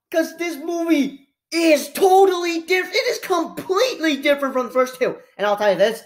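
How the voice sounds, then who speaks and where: A young woman giving a casual spoiler review of a movie, talking in an excitable, rambling way that swings from low mumbles to shouts, with many restarts.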